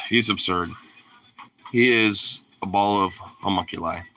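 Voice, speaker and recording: A man's voice: on the low side, slow, bright, forceful tone, a little hiss or hum. A young man casually filming his dog and teasing it in playful baby talk.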